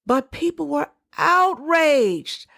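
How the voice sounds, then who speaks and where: A woman hosting a solo podcast, giving her opinions in a conversational, emphatic way with quick asides. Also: sits high, animated, vocal fry, a bit bright, no echo, clean studio sound. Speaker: podcast host.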